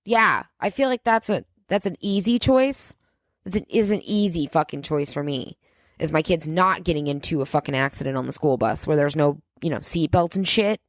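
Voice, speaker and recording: A woman's voice: low voice, moderate pace, no echo. A woman hosting a solo podcast, ranting in a sarcastic, profane way about things that annoy her. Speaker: podcast host.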